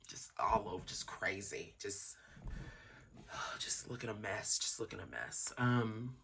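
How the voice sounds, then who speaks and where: Slow, gravelly rambling vlogger. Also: deep voice, sing-song, whispered. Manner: rambling, swings between mumbling and loud laughing outbursts. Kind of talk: casual rambling monologue.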